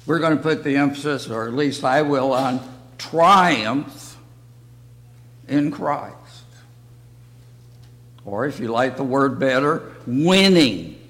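Slow-talking older man teaching Bible. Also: medium pitch, fairly bright tone. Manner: slow, halting delivery in short phrases. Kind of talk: church Bible lesson. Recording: long reverb of a hall.

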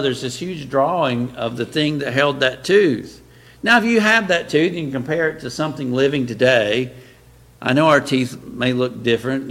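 Male preacher, gravel in the voice, emphatic, poses rhetorical questions to the congregation. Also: medium pitch. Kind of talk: sermon-style lecture.

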